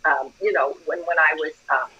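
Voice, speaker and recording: A woman's voice: sits low, normal speed, dull audio. An older woman, a community leader, telling stories in an interview and acting out the dialogue. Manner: animated storyteller, acts out quoted dialogue. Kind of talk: storytelling interview.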